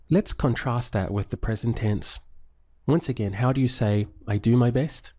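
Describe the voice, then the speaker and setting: A man teaching a language lesson, patiently repeating phrases and pausing for the listener to answer. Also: mid-range voice, mellow. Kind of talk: paced language lesson with pauses for practice.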